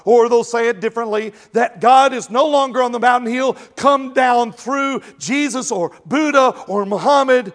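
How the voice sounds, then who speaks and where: A pastor preaching a sermon, animated and jokey, who slips into mimicking other voices. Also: male voice, very high-pitched, normal speed, few pauses, in a large hall.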